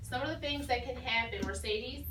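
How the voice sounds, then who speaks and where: A woman's voice: a little high, moderate pace, bright, forceful tone, a little hiss or hum. A woman teacher leading a phonics lesson, patiently asking questions and repeating the pupils' answers. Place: classroom. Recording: echoey classroom from far off.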